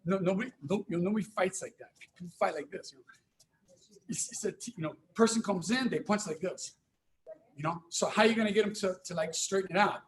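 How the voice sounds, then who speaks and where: Karate teacher guy, high-ish voice, keeps saying right?, mic kinda far off. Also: fast talker, roomy sound, slight background noise. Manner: repetitive, many restarts and "right?" checks. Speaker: karate instructor. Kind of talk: online class instruction.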